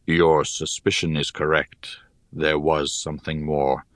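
A man voicing a wise older male poet and scholar, speaking in a slow, measured, solemn way in an audiobook. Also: very deep voice, little pitch movement, a bit bright, no room sound, clean studio sound, pitched below the performer's own voice. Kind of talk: audiobook character reading.

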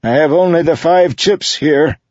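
A man voicing a frightened old male shoemaker who speaks gently and pleads with a trembling voice. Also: on the high side, moderate pace, no room sound, dull audio, pitched above the performer's own voice, natural voice. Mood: pleading.

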